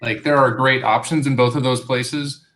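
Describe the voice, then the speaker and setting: Man, video call, casual chat, emphatic, middle pitch. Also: fairly even intonation, moderate pace, fairly bright tone. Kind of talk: casual live-stream chat.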